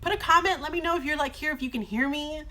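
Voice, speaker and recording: A woman teacher chatting casually on a live phone stream from a car shop, her voice slightly hoarse from long talking. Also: high voice, fast, noisy background. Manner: chatty and bubbly, many fillers. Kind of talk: casual livestream chat. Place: brother-in-law's car shop, indoors.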